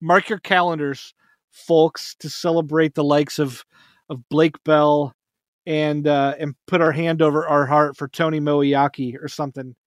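A man hosting a casual sports podcast, upbeat and quick to laugh. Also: on the high side, flat delivery, no echo, studio quality. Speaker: podcast host.

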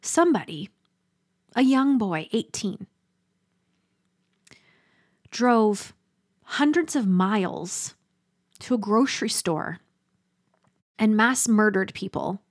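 A woman's voice: mid-range voice, expressive. Earnest woman giving a motivational talk. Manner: earnest, emphatic, with dramatic pauses. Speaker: speaker.

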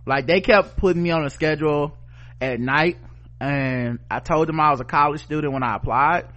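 A middle-aged man co-hosting a casual podcast, telling stories with frank, cussing candor. He slips into quick impressions of the people he's quoting. His voice sits a bit higher than most men's. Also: fairly bright tone. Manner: candid, profane storytelling with acted-out quotes. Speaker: podcast co-host. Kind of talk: casual chat.

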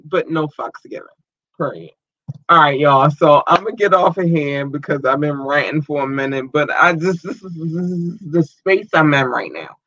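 A woman's voice: low voice, moderate pace, fairly bright tone, no echo. A woman hosting a livestream, ranting in a heated, emphatic and profane way. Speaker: livestream host. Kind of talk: casual livestream rant. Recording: dull lo-fi stream audio.

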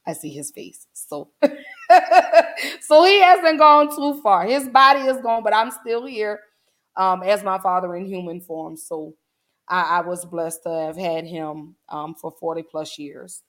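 A woman's voice: fairly low pitch, flat delivery, normal speed. A woman in her forties hosting a casual livestream, talking earnestly to her viewers and holding back tears. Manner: earnest, heartfelt, many "um"s, addresses chat as "y'all". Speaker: livestream host.

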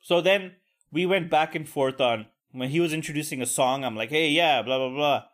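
Profane rambling male podcaster, slightly high. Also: moderate pace, fairly bright tone. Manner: profane, rambling, vents with crude asides. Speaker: podcast host. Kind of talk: casual solo podcast rant.

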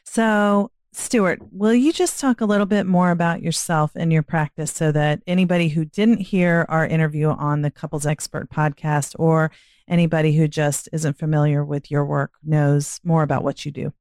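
A woman hosts a podcast interview, welcoming her guest and asking questions in an easy, conversational tone. Her voice is low and mellow, and the sound is dry and close. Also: steady tone, moderate pace, no echo. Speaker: podcast host. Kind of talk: casual interview chat.

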